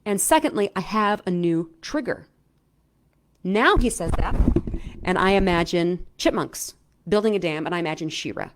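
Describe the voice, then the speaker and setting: A middle-aged woman coaching viewers in a casual, chatty way, often checking in with "right?" and filling pauses with "um". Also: lowish voice, noisy background. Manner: animated, chatty, lots of "right?" and "um". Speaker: self-help coach. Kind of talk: casual explainer talk to camera.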